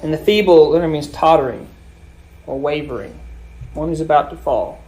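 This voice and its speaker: A man preaching a sermon, explaining scripture with swells and sudden drops in loudness. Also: on the high side, brisk, long pauses. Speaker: pastor.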